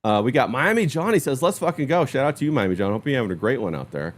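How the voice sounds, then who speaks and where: A man's voice: medium pitch, big pitch swings, fast talker. Upbeat man hosting a livestream. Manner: upbeat, reads chat shout-outs. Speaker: host. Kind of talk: livestream chat.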